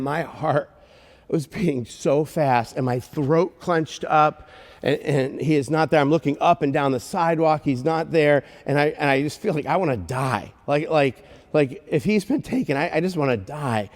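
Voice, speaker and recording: A man's voice: on the high side, big-room sound. A man preaching a sermon, telling a story with lots of restarts and acting out the dialogue. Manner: animated, halting restarts, acts out dialogue. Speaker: guest pastor. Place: church sanctuary.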